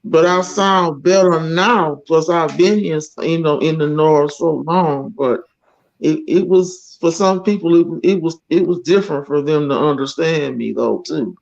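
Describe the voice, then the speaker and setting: A woman from Georgia with a Southern drawl. She talks in an easygoing way with a gravelly edge. The audio is slightly muffled. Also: low voice, measured pace, darkish tone. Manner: easygoing, many murmured agreements. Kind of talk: casual group chat.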